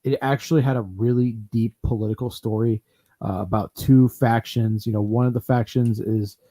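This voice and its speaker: A man with a mellow, mid-range voice hosts a casual talk-show podcast, speaking at a moderate pace with fairly even intonation. His chat rambles loosely, full of fillers and restarts.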